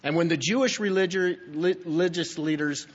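A man's voice: on the high side, fairly quick, husky. A man preaching a sermon as pastor, emphatic and teaching, speaking straight to his listeners. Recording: dull, lo-fi recording in a reverberant hall.

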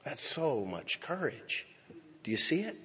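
Husky-voiced man preaching in a reverberant hall. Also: on the high side, big pitch swings, highs cut off. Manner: dramatic, swinging from loud declarations to hushed near-whispers; slow, emphatic phrasing with pauses. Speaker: pastor. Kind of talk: sermon.

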